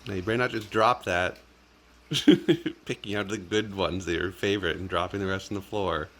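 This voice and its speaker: A man's voice: low-pitched, moderate pace, a bit bright, slight background noise. A man chatting playfully to his pet bird at home in a kitchen, using sing-song baby talk and laughing often.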